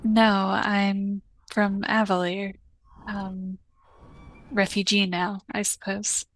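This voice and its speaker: A woman voicing a fiery young refugee bard who speaks slowly and deliberately. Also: medium pitch, level tone, rough recording. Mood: earnest.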